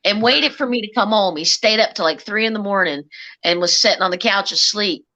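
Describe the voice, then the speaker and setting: Woman, middle-aged, casual storytelling, bouncy pitch, teasing. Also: fairly quick. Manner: animated, teasing, laughs often. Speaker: guest.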